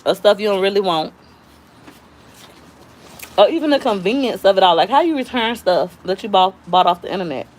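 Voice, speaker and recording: A woman's voice: mid-range voice, lively intonation, a little fast, long pauses. A woman, chatting casually with viewers at home with her family, slangy and rambling, a little out of breath. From Florida, US. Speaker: YouTube cooking vlogger.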